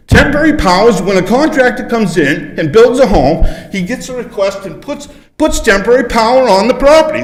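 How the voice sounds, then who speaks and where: A man giving an emotional public comment at a council podium, pleading and frustrated. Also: sits high. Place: council chambers. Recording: echoey hall.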